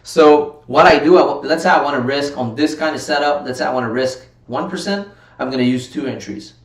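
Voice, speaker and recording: A man's voice: on the high side, a little fast. A man hosting a live trading stream in casual commentary, reading viewer chat aloud and reacting, sometimes getting worked up. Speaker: livestream trading host. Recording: roomy sound from a distant mic.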